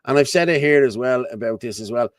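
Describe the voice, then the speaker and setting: A man's voice: mid-range voice, fast talker, no echo, clean studio sound. An Irish man hosting his own show, talking in a blunt, repetitive, colloquial ranting commentary. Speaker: host.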